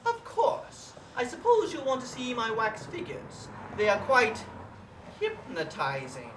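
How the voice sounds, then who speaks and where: A woman's voice: on the high side, wildly swooping pitch, unhurried, fairly bright tone, a little hiss or hum, exaggerated voice. A woman voicing a pompous, theatrical villain professor who insults her henchman. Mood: scheming. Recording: echoey room, distant mic.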